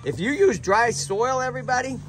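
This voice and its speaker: A man hosting a casual outdoor vlog at a tortoise sanctuary, energetic and animated, constantly checking in with "right?". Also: extremely high pitch, fairly quick, slight background noise.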